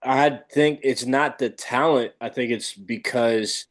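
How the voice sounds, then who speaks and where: A man talking football as a guest in a casual chat, relaxed and given to halting restarts. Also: medium pitch. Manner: relaxed, hesitant, repeats words. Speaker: guest analyst.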